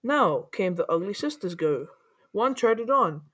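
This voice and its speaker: A woman reading a rhyming children's story aloud in a playful, animated way, with the odd slip. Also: medium pitch, unhurried, slightly rough. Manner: playful, animated, with small slips.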